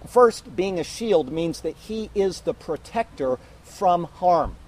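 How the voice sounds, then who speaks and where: A man's voice: sits high, animated, slow pace, poor audio. A man preaching an emphatic sermon, teaching verse by verse to his congregation. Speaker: pastor.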